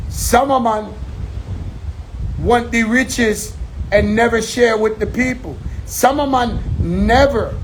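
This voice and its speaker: A man's voice: extremely high pitch, slight background noise, low-quality recording. A man talking casually outdoors, rambling and profane, repeating phrases for emphasis. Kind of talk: casual monologue. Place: outdoors on an island.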